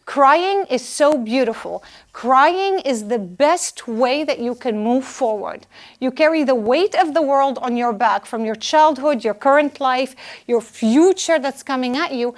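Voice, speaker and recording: A woman giving a live lecture to students, earnest and emphatic, driving home her points by repeating them. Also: high-pitched. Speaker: lecturer on personal well-being.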